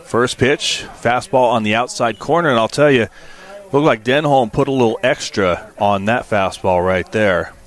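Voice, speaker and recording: A man calling baseball play-by-play, low and relaxed for stats, then climbing sharply in pitch and volume on big hits. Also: normal speed. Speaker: play-by-play announcer.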